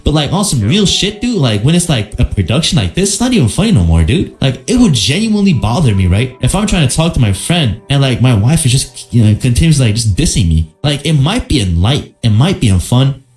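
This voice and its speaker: A man's voice: mid-range voice, very animated, a little fast, few pauses, darkish tone. Rambling man ranting in casual commentary. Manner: rambling, filler-heavy, rhetorical questions. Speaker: host and commentator.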